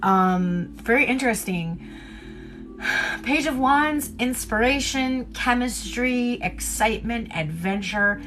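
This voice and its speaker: A woman's voice: on the high side, expressive, slow pace, a bit bright, faint music behind. A woman giving a casual livestream tarot reading, chatty and candid, who laughs often and swears casually. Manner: loose, rambling delivery with many fillers. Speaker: tarot reader.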